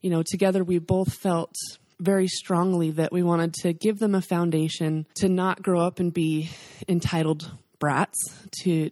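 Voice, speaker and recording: A woman's voice: fairly low pitch, warm tone, no room sound, clean studio sound. A woman in her forties telling an emotional, faith-filled story as an interview guest. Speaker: guest, charity founder.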